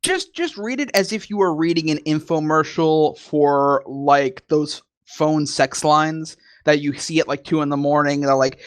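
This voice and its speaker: A man's voice: on the high side, unhurried, few pauses, clean tone, dry recording. A man co-hosting a casual chat, joking crudely and swearing freely. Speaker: co-host.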